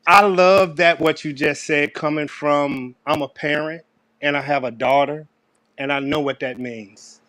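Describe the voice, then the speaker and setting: A man's voice: fairly high pitch, steady tone, measured pace, sharp tone, dry recording. A man joining a casual chat as a guest, speaking earnestly and with emphasis.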